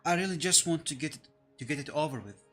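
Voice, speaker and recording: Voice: mid-range voice, lively intonation, fast, a bit bright, soft background music, natural voice. A reader voicing an anxious, polite young woman who talks hesitantly and apologetically in a fan reading of game dialogue. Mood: uneasy.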